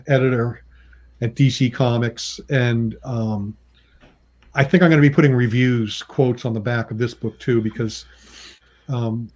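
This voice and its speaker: A man of average pitch telling casual stories as a guest on a chat show about his own comic work. He laughs often and slips into lively voices when quoting others, with frequent ums and restarts. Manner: chatty, acts out quoted people with pitch jumps; laughs often between remarks. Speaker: comic book writer and artist, guest. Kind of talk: casual anecdotal storytelling.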